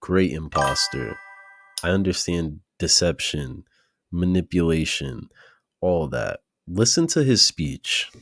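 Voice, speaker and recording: A man streaming a reaction, talking to his chat in slangy, profane, animated bursts. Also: deep voice, slow pace, no room sound, faint music behind. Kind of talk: casual reaction commentary.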